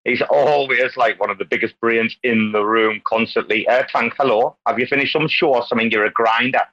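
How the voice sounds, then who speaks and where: A man hosts a casual community voice call, talking in loops and repeating phrases as his excitement builds. His tone is bright and pushed, and the call audio sounds muffled and lo-fi. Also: medium pitch, a little fast. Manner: rambling, repeats himself, excitable, calls people darling. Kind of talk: casual online group chat.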